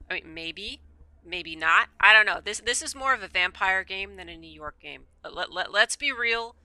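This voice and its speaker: A woman's voice: medium pitch, lively intonation, normal speed, sharp tone, no echo. A woman streamer reading a visual novel aloud, breaking off into rambling asides full of stammered repeats.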